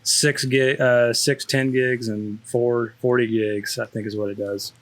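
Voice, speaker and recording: A man's voice: mid-range voice, steady tone, measured pace, a bit bright. A man, a school district network specialist, chatting casually with many restarts and fillers. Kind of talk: casual chat.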